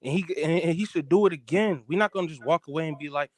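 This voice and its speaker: A man's voice: fairly high pitch, rapid-fire, few pauses, no room sound. A man calling in to a live show, talking heatedly and asking "you feel me". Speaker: caller. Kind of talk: heated call-in chat.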